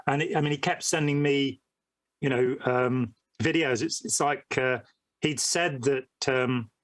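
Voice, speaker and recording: A man's voice: medium pitch, steady tone, unhurried, dry recording. A man speaking as a guest on a podcast, rambling and hesitant, with frequent ums as he works through his thoughts. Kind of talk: conversational podcast interview.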